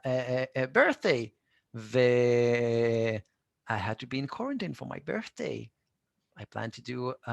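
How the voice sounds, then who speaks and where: Male tutor, patient drilling style, gravelly tone, dead-dry room. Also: mid-range voice, fairly bright tone. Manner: patient, repeats phrases for students to echo. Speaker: Hebrew teacher. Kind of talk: live online language lesson.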